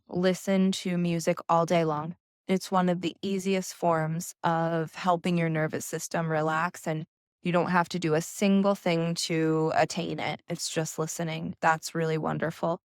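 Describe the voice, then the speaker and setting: A woman coach giving calm, gentle instructions in a slow, soothing manner. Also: fairly low pitch, no room sound, clean studio sound. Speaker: nervous system coach.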